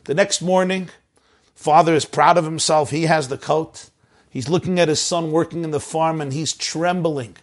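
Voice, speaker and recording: Animated high-voiced man telling a sermon story. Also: normal speed. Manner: animated, acts out shouting voices.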